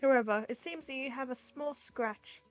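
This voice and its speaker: A woman voicing a gentle, motherly goat-monster queen who speaks softly, formally and caringly, with faint music behind. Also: high-pitched, moderate pace, natural voice. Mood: tender.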